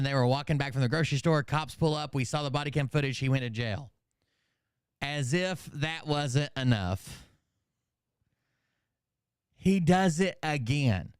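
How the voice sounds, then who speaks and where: A man talks through his commentary in a loose, rambling way, with swearing dropped in. His voice is smooth and resonant. The recording is dry and close. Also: fairly high pitch, no room sound. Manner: rambling, profane, conversational. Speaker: commentary channel host. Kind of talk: casual reaction commentary.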